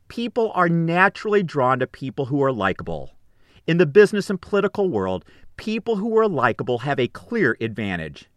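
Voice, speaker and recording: A man giving scripted, upbeat coaching tips on phone manners in an instructive, measured delivery. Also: on the high side, a bit bright, no room sound, studio quality.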